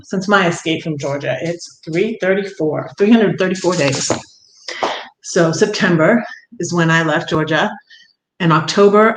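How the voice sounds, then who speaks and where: A woman's voice: on the low side, echoey room, low-quality recording. An older woman, chatting casually on a livestream, greeting viewers and laughing often. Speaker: livestream vlogger.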